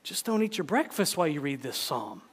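A man's voice: on the high side, big pitch swings, fairly quick, a bit bright, slightly rough. A man preaching a sermon, telling a story with dramatic quoted voices. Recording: long hall reverb.

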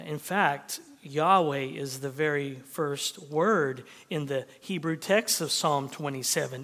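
A man preaching a sermon as pastor, shifting between emphatic declarations and hushed near-whispers. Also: on the high side. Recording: long hall reverb.

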